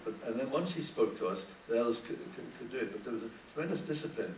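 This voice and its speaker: A man's voice: mid-range voice, animated. Older man on a panel, stumbles and repeats himself a lot, roomy hall, mic far away. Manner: halting, repeats words often. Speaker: panel guest. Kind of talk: reflective panel talk. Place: conference hall. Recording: roomy hall, distant mic, faint hiss.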